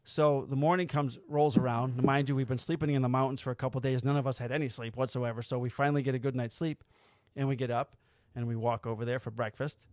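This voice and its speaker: A man's voice: medium pitch, quick pace, no room sound, clean studio sound. A man hosting a podcast, telling stories in casual chat, acting out quotes and swearing freely. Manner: animated storyteller, acts out quotes, swears freely. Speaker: podcast host.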